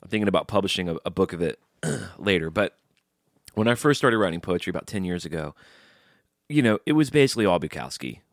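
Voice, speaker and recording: Very deep-voiced man hosting a podcast. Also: lively intonation, quick pace, dry recording, studio quality. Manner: rambling, joking, swears casually. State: drinking beer while talking. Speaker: podcast host. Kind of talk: casual solo podcast chat.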